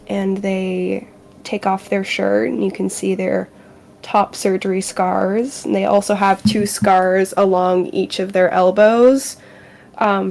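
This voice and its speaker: A woman playing a tabletop game, narrating her character's feelings in a slow, hesitant and reflective way with frequent ums. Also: medium pitch, creaky, a little mellow. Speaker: player.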